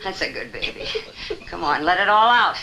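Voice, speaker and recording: A woman's voice: on the low side, expressive, normal speed, gravelly. An actress in a 1960s film playing a slangy, coaxing woman who coos and insists. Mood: soothing. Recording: hissy old film soundtrack.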